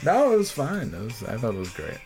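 Joking podcast host, loose and profane. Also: male voice, mid-range voice, wildly swooping pitch, a little fast, darkish tone, faint music behind. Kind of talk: casual comedy podcast chat.

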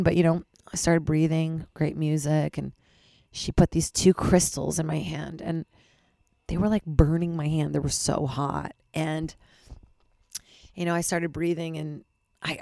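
In a low, creaky, mellow voice, a young adult podcast host from Los Angeles gives a candid personal monologue, her voice a little worn and slightly lost. She rambles self-deprecatingly and swears casually, in studio-quality audio with no room sound.

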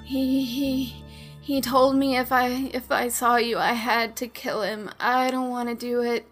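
A woman voicing a dazed, frightened teenage boy who pleads in halting bursts. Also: on the high side, steady tone, fairly bright tone, faint music behind. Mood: pleading.

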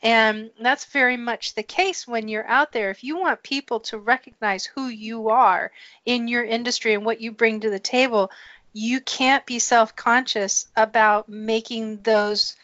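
A woman who works in human resources appears as a podcast guest, speaking earnestly in a conversational interview and often agreeing. Her voice is a little high, steady, unhurried and a bit bright. The audio is dry, muffled and lo-fi.

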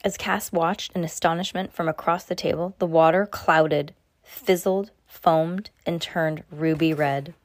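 A woman's voice: low-pitched, steady tone, measured pace, dry recording. A woman reading a novel aloud, stumbling now and then and restarting her sentences. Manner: unpolished reading with frequent slips and restarts. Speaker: reader.

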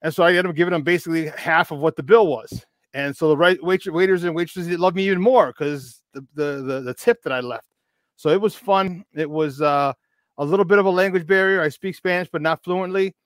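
A man in his fifties, a podcast guest, telling a long casual story in an animated, rambling way with many restarts. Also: fairly high pitch, no echo, studio quality. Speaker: podcast guest, football expert.

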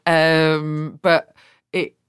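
A woman with a Birmingham English accent talks candidly in an interview. She is blunt and animated and swears freely. The sound is dry and close. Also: deep voice, drawn-out words, clear, resonant tone, no room sound. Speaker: politician guest.

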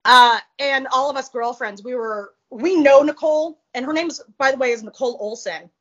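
Speaking fairly quickly in a high, fairly bright voice, a woman recounts a personal story as a guest in a casual interview. She is blunt and foul-mouthed with lots of animation, and the audio is a little muffled.

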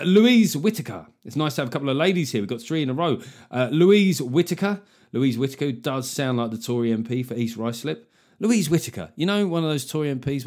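A man's voice: mid-range voice, darkish tone. A man hosting his podcast, riffing and joking in casual chat, swearing freely. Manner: jokey, swearing, riffing on names. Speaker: podcast host.

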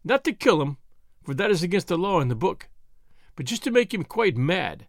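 A man's voice: sits high, sing-song, moderate pace, dry recording, studio quality. Man doing a sly scheming servant. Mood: sly, wheedling. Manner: wheedling, conspiratorial. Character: sly, scheming male servant, middle-aged. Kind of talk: audiobook reading.

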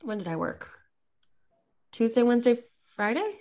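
A woman's voice: fairly high pitch, expressive, moderate pace, a little mellow. A young woman co-hosting a podcast, chatting casually and telling stories with playful voiced quotes. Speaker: podcast co-host. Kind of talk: casual chat.

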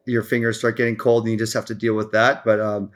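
A man's voice: fairly low pitch, fast. A man as a podcast guest in casual chat, rambling through stories with restarts and fillers and acting out what people said. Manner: animated storyteller, acts out quotes.

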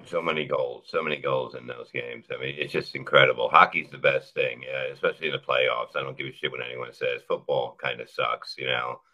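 A middle-aged comedian talking bluntly with lots of swearing in a casual podcast chat. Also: male voice, a bass voice, fairly even intonation, brisk, hardly any pauses, pushed and bright, highs cut off. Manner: blunt, profane, storytelling. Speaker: comedian guest.

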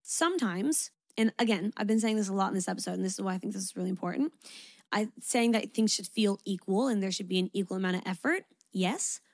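A young woman hosts a casual advice podcast, talking frankly and with emphasis, and she swears without hesitation. Her voice sits at a middle pitch for a woman. The recording is dry and close, with almost no room sound. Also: fast talker, no echo. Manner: candid, swears freely, lively emphatic delivery with fillers. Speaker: podcast host.

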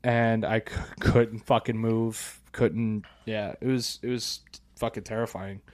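A man's voice: lowish voice, unhurried. A man co-hosting a podcast, telling a story in casual chat, acting out voices, swearing and laughing often. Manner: animated, acts out quoted voices, swears a lot, laughs often. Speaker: podcast co-host.

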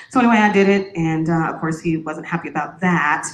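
A woman's voice: low-pitched, brisk, hardly any pauses. A woman speaking in a church, sharing a candid personal testimony in a conversational, joking way. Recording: echoey church room.

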